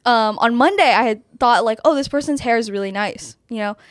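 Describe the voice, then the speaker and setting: A young woman co-hosting a podcast, telling a story in a casual, animated way with frequent giggles. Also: a little high, fairly quick, no room sound, studio quality. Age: young adult. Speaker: podcast co-host. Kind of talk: casual chat.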